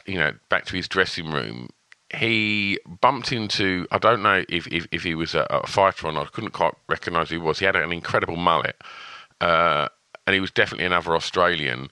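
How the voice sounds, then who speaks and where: A man co-hosting a casual podcast, his voice low but swinging widely in pitch. His tone is bright and forward, recorded dry and close. He chats loosely, laughing often and restarting his sentences. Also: clear, resonant tone, dry recording. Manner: chatty, laughs a lot, many restarts. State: sore throat. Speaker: podcast co-host. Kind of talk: casual chat.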